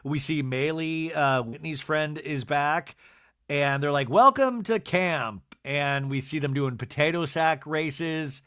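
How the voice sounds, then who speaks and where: Male podcast host, gossipy TV recap, animated, bright sharp voice, dry sound. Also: a little high, a little slow, smooth, no room sound. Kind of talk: casual TV recap.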